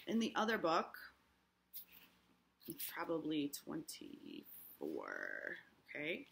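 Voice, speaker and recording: Bright-voiced woman teaching a class. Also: on the low side. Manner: explanatory, frequent "okay?" check-ins. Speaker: English teacher. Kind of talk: classroom lesson explaining a play.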